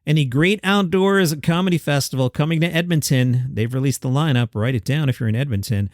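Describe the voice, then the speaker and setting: A man with a fairly high voice hosts a comedy news podcast, reading headlines and tossing off wry little jokes in between. The mic is dry and close, with no room sound. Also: brisk, no room sound. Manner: wry, jokey asides between read-out quotes. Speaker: podcast host. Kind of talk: solo comedy news podcast, read with asides.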